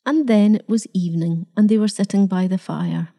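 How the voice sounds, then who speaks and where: A woman narrating a story with a very dark, mellow voice. Her reading is measured and dramatic, giving the moments room. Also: mid-range voice. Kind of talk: scripted narration.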